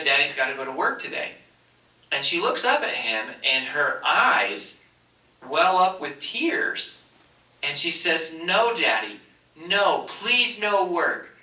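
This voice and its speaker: Male author guest, energetic storyteller, very bright tone, roomy distant sound. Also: mid-range voice. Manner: energetic storyteller with a polished speaking rhythm. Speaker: author and speaker, interview guest. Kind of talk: interview answers with told anecdotes. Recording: roomy echo, distant mic.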